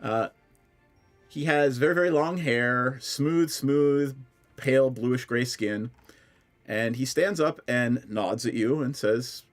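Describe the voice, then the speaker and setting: A man running a tabletop game, his voice sitting at an ordinary middle pitch. He narrates in a halting way, full of fillers and restarts. Faint music plays behind him. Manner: hesitant, filler-heavy narration. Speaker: dungeon master.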